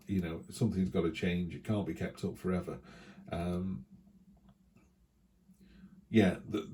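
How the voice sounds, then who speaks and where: Giving a casual tarot reading, a man chats and thinks aloud with many restarts. His voice sits low and has a warm tone.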